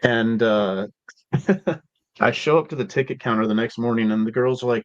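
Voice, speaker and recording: This male podcast guest rambles through casual stories in a mid-range voice, moderately paced, sprinkling in profanity along with plenty of "like" and "dude." The recording is dry, with the highs cut off.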